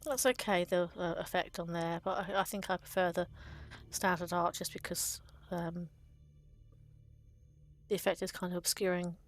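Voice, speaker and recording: A woman's voice: lowish voice, fairly even intonation, normal speed, faint music behind. A woman hosting a video about card game art, talking casually and fondly with frequent ums and little laughs. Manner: chatty and fond, with frequent ums and small laughs.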